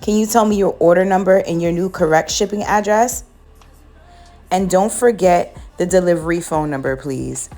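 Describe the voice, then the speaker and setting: A woman's voice: fairly low pitch, moderate pace, dark tone, faint music behind, lightly acted. A young woman with a New York accent, mimicking a sugary fake customer-service agent who speaks in a sweet, syrupy way, during her vlog. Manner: syrupy, calls everyone sweetheart.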